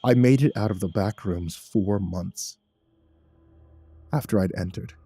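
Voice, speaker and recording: A man reads a horror story aloud in a low, mellow voice, keeping a measured and somber pace. The sound is close and dry, with no room around it. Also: slightly rough, no echo. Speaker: narrator. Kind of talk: scripted horror story narration.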